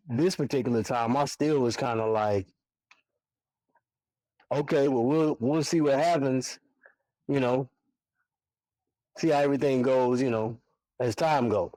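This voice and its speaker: A man in his forties, a guest on a podcast, telling a personal story in a casual, animated way and acting out his own reactions. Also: mid-range voice, a little slow, long pauses, dry recording, low-quality recording. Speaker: podcast guest, barber and single father.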